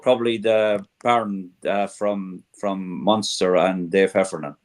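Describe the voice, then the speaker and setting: Low-voiced Irish man, stammering. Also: fairly even intonation, measured pace. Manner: stammering restarts. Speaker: panel guest. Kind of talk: casual chat.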